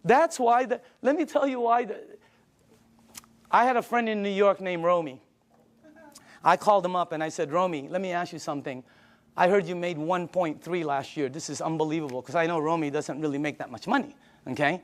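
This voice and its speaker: An older man with a high voice delivering an emphatic sales pitch. He presses each point and acts out conversations with friends as he goes. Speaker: business presenter. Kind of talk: sales presentation.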